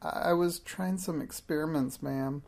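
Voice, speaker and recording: Man voicing a timid young girl, squeaky, hesitant, polite, storybook read-aloud, raised pitch. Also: expressive, normal speed, vocal fry, darkish tone.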